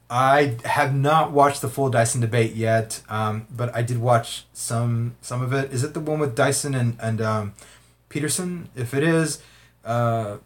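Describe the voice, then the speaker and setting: A man hosting a casual livestream, reading viewer comments aloud in a rambling way, often laughing and swearing. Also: mid-range voice.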